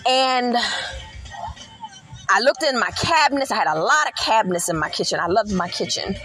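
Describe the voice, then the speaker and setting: A middle-aged woman with a high voice tells a personal faith testimony in an earnest, animated storytelling manner. She leans into emphatic repetitions as soft music plays faintly underneath. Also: moderate pace, poor audio. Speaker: podcast host.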